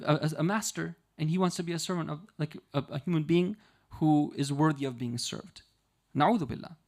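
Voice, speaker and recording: A man giving a conversational sermon at a community religious centre. He explains through analogies and stories and keeps checking in with the audience with "right?". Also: sits high. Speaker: Muharram night speaker.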